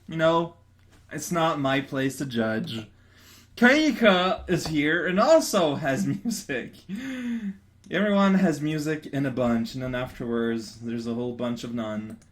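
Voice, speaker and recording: A young man rambling playfully through casual gaming commentary, often stammering and restarting his sentences. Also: a little high. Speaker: let's player. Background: faint game music.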